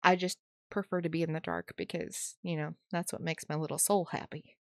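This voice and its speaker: A woman's voice: sits low, brisk, vocal fry, no room sound, studio quality. A woman co-hosting a podcast in casual chat, playful and self-mocking, laughing often. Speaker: podcast co-host.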